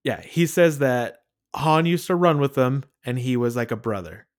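A man co-hosting a casual podcast, leading the talk in a relaxed, storytelling way. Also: mid-range voice, normal speed. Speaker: podcast co-host. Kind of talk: casual chat.

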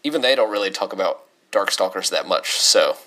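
A man's voice: low voice, lively intonation, brisk, bright, forceful tone. A man co-hosting a casual podcast, joking around and reading listener questions aloud. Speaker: podcast co-host. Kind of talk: casual chat.

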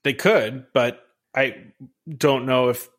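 A man's voice: medium pitch, steady tone, slow pace, a bit bright. A man hosting a podcast in casual chat, talkative and loose, tossing in "right?" and "you know" as he goes. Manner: chatty, says "right?" and "you know" a lot. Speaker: podcast host.

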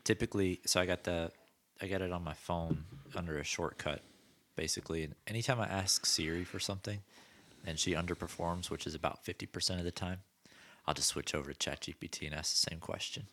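A man's voice: low-pitched, fast talker, fairly bright tone. A man co-hosting a podcast, chatting casually and enthusiastically about gadgets. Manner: enthusiastic, acts out quoted voices. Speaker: podcast co-host. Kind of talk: casual chat.

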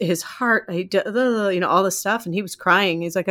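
A woman guest on a podcast, telling a personal story in an animated, rambling way and laughing often. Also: mid-range voice, moderate pace. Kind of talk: storytelling in casual interview.

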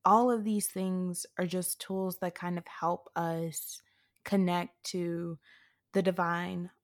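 A woman co-host speaks slowly and thoughtfully in a casual discussion. Her pace is unhurried and measured, and the recording is dry and close, with no room echo. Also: on the low side, level tone.

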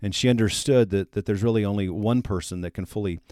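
A man's voice: lowish voice, fast, a little mellow, no room sound, studio quality. A man hosting a faith podcast, giving an earnest devotional teaching on prayer and citing Bible verses as he explains them.

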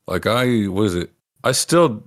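A man co-hosting a casual podcast chat, laid-back with deadpan quips. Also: fairly low pitch, takes it slowly, dry recording. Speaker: podcast co-host.

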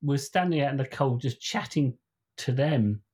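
A podcast co-host chats casually, spinning a long, rambling story with lots of restarts and acting out the voices of people he quotes. His mid-range voice is a little mellow and moves at a normal speed.

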